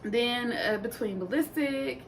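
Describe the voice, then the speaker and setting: A woman's voice: a little high, measured pace, slight background noise. Blunt, sassy woman recapping reality TV. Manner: blunt, profane, sassy storytelling; animated, jumps into quoted voices. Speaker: reality TV reviewer. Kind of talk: casual recap commentary.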